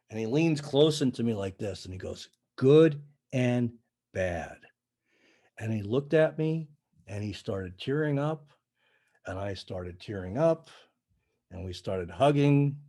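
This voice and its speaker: Mellow-voiced man telling a story. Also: fairly low pitch, moderate pace. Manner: animated storyteller, acts out dialogue. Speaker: sound healing practitioner, podcast guest. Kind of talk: casual storytelling chat.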